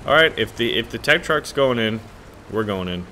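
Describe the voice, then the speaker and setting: A man hosting his gaming channel, giving casual, joking, excitable gameplay commentary. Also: lowish voice, moderate pace, a little hiss or hum.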